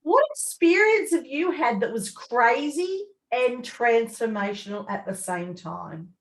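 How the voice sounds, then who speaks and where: A woman's voice: a little high, expressive, unhurried, reverberant, poor audio. A woman host asking interview questions and reacting with gushing, effusive praise. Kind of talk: interview hosting.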